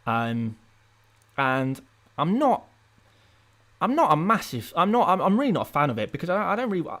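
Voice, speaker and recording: Rambling young English man streaming. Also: a little high. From England. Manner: rambling, self-mocking, bursts of playful excitement. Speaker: fantasy football streamer. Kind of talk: casual live-stream chat reading viewer comments.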